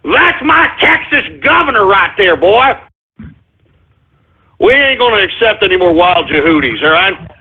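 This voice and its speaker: Heavily acted, with a high, breathy-edged voice and lively intonation, a man parodies a blustering Texan talk radio host. At a measured pace he rants, curses, trips over his words and puts on drunk-sounding bravado, all through tinny, phone-like radio audio.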